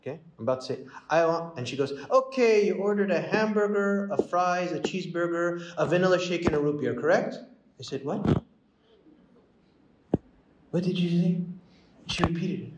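A man's voice: sits high, normal speed, echoey room, background noise. A man, a priest, telling stories in a sermon, acting out the voices of the people in them. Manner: animated storyteller, acts out voices in dialogue. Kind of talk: storytelling sermon.

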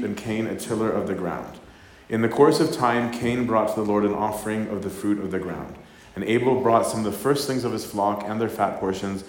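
Casual priest in an echoey room. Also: male voice, lowish voice. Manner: conversational, tags lines with "right?", acts out voices. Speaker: priest giving a talk. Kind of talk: casual sermon with scripture reading.

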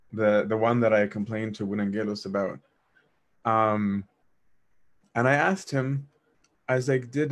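A man telling a personal faith story in a casual, earnest way, with self-deprecating asides and frequent restarts. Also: lowish voice.

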